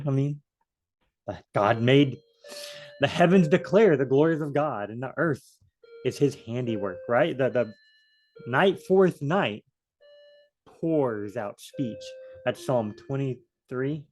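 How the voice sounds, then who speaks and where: Man for a relaxed Bible study walkthrough, rambling and joking, average pitch. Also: moderate pace. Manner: chatty, thinks aloud, joking asides.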